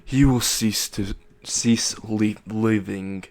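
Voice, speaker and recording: A man's voice: lowish voice, steady tone, slow pace, a little mellow, no room sound. Smug villain who drags out his threats, a man reading it out, story narration. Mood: gloating. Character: smug male bomber villain, adult.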